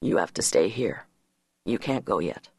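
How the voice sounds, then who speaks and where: A woman voicing a steady, gentle grown man who speaks softly but firmly. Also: measured pace, vocal fry, husky, dry recording, studio quality, heavily acted. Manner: soft, low and firm.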